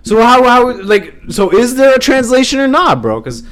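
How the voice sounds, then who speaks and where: Podcast guy chatting casually, swears a ton, goes loud and animated when he acts stuff out. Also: very high voice, normal speed. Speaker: podcast co-host. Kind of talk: casual chat.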